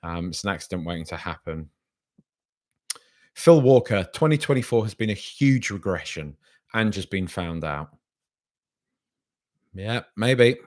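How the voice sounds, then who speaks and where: A man's voice: low-pitched, lively intonation, unhurried, pauses often, a little mellow. A man hosting a casual podcast stream. He reads out viewer comments and rambles with hesitations, then argues back in an exasperated way. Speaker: podcast host.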